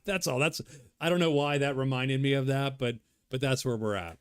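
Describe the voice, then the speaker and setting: A man with a medium-pitched voice talks casually as he works through a solo board game. He muses aloud, wanders off on tangents and mutters to himself between moves. The sound is close and dry, with no room echo. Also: a little slow, fairly bright tone, clean tone. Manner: thinking aloud, rambling, self-muttering. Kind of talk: casual solo playthrough commentary.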